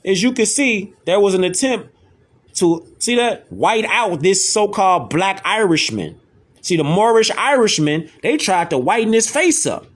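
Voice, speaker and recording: Host, male, slow emphatic commentary, swooping high voice, keeps pressing "see that?". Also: animated. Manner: insistent, repetitive, keeps asking "see that?". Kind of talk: emphatic commentary over images and video.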